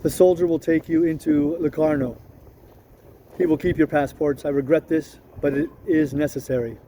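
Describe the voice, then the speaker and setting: A man's voice: a little high, steady tone, moderate pace, warm tone, a little hiss or hum, close to an everyday voice. A man reading the part of a stiff, polite young border lieutenant in a storybook reading, clipped and correct. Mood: officious.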